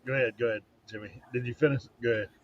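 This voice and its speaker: A man's voice: medium pitch, steady tone, racing, lo-fi sound, slight background noise. A man in casual chat on a video call, telling a bargaining story with laughs. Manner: laughs through his stories. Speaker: reseller on a panel.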